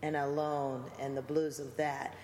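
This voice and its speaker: A woman's voice: very deep voice, flat delivery, unhurried, darkish tone, slight background noise. A woman guest in a conversational interview, talking reflectively and preacher-like about faith and music. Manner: reflective, preacherly, quotes scripture. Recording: echoey room with long reverb and faint ambience.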